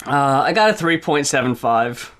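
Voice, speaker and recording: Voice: medium pitch, expressive, moderate pace, fairly bright tone. A co-host of a casual album review podcast, laid-back and joking dryly.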